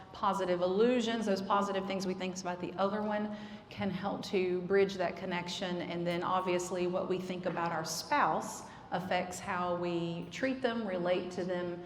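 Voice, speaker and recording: A woman's voice: lowish voice, a little hiss or hum. A woman giving an earnest, explanatory church talk on marriage, with frequent fillers. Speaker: marriage counselor. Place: church hall. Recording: echoey hall, faint ambience.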